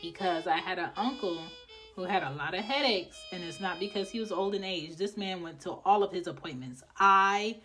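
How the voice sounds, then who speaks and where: A woman's voice: fairly low pitch, normal speed, sharp tone, faint music behind. A woman hosting a podcast on her own, giving a blunt, profane pep talk in a casual way. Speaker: podcast host.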